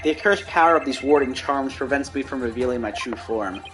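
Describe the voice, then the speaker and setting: A man's voice: medium pitch, fairly quick, noisy background, natural voice. A man voicing a grandiose male demon king yokai who possesses a mayor and caws like a crow while reading game dialogue aloud. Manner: grandiose, theatrical crow cawing.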